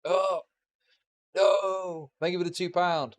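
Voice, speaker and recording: A young man reacts live on stream, swearing freely and mocking what he watches. His voice sits a little high for a man and shifts between loud outbursts and low mutters. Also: fairly even intonation, slow pace, long pauses. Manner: profane, mocking, sarcastic asides.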